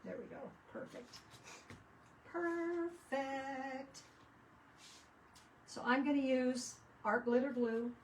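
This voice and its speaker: A woman's voice: on the high side, fairly even intonation, normal speed, few pauses, a little hiss or hum. A woman chatting casually while she does crafts at home, rambling from one story to the next with lots of restarts. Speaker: craft vlogger. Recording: voice picked up from a distance.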